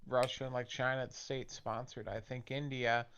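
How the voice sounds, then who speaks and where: A man's voice: medium pitch, level tone, normal speed, a bit bright, a little hiss or hum. A man co-hosting a casual talk show, reacting with blunt swearing. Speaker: co-host. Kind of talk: casual chat. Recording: dull lo-fi mic.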